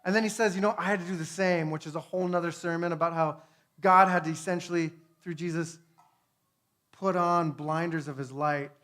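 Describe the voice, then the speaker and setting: A man giving a conversational testimony sermon, earnest, swinging between hushed and fervent, with frequent tag questions. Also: fairly high pitch, steady tone, a little fast. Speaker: speaker.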